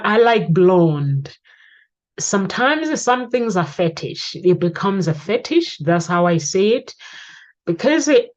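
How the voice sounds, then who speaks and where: A woman's voice: fairly low pitch, warm tone, lo-fi sound. A woman hosting a talk show, chatting casually, telling stories and putting questions to her guest. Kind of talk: casual advice chat.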